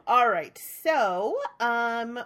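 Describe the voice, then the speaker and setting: Young woman podcast co-host, casual and giggly, high-ish bright voice. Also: lively intonation, very slow. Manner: chatty, laughs often, lots of "like". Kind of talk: casual chat.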